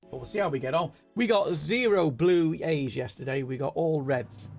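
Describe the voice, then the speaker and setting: A man hosts a sim racing live stream in a casual, rambling, chatty style, with game music underneath and "know what I mean" cropping up constantly. His fairly high voice is gravelly and a little mellow, at a moderate pace. His mild Merseyside accent marks him as from northwest England.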